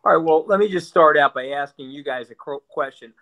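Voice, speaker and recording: A man's voice: a little high, a little fast, sharp tone, muffled recording. A male guest talking politics bluntly and sarcastically, often repeating words as he builds a point. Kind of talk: animated political talk.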